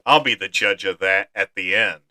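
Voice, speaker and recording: Wisecracking middle-aged man, bright and dry. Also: deep voice, moderate pace, dry recording. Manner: wisecracking, profane banter. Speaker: podcast co-host. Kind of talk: casual movie-review chat.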